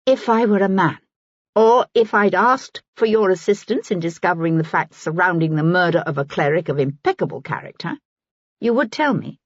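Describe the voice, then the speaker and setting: A proud, indignant young gentlewoman with a haughty, insistent delivery, as a woman narrator plays her. Her speech moves lively and husky. The recording is dry and dull. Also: fairly low pitch, moderate pace, no room sound.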